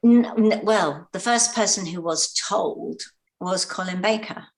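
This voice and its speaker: A middle-aged British actress recounting stories as an interview guest, animated and acting out the voices of people she quotes. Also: mid-range voice, a little slow. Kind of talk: conversational interview storytelling.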